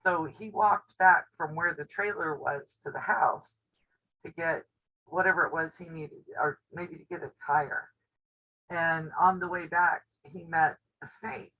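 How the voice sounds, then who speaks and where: A woman's voice: low-pitched, measured pace. A woman hosting a casual live-stream chat from home, telling stories and laughing often. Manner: chatty storyteller who laughs often. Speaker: quilting channel host. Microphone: camera on a table. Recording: dull lo-fi audio.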